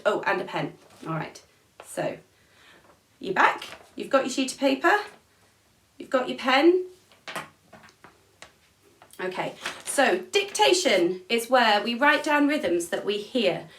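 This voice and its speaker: Counting beats aloud and offering encouragement, a woman runs an online music class for small children from an instrument room in her home. Her voice is fairly high and fairly bright. Audio is noisy and echoey, captured from a distant mic.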